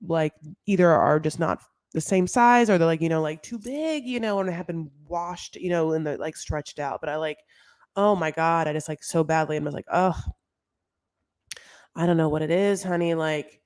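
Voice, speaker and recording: A woman's voice: sits low, moderate pace, darkish tone, dry recording. A woman casually recapping a reality show, gossipy and full of filler words, calling listeners honey. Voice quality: gravelly vocal fry.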